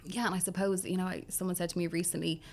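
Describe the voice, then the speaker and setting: An Irish woman with a slightly low voice talks as a guest about her coaching work. She speaks earnestly and casually, feeling her way to each phrase. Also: level tone, quick pace. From Ireland. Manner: earnest, searching for words as she goes. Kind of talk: casual interview chat.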